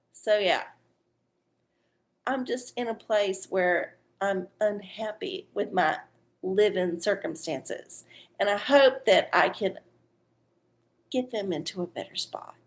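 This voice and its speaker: Woman, livestream host doing readings, unhurried gravelly drawl, salty and frank, slightly weepy. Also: medium pitch. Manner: blunt, profane and chatty. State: teary-eyed. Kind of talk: casual livestream chat.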